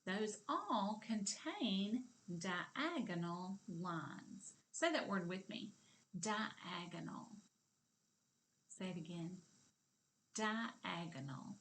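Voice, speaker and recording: Slow, bright-voiced kindergarten teacher woman. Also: medium pitch, expressive, slight background noise. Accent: Southern American. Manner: slow, drawn-out, encouraging, claps words aloud. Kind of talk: kindergarten video lesson.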